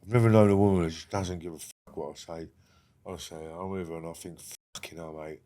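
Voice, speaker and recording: A middle-aged man, a guest in a casual podcast interview, talking bluntly with lots of swearing and often dropping to a quiet murmur. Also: fairly even intonation, fast talker. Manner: blunt and heavy on swearing, drops to a low murmur.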